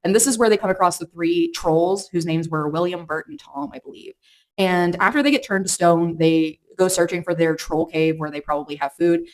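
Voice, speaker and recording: A woman's voice: lowish voice, fairly quick. A woman chatting casually through a book review vlog, rambling with lots of fillers and restarts. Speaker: book vlogger.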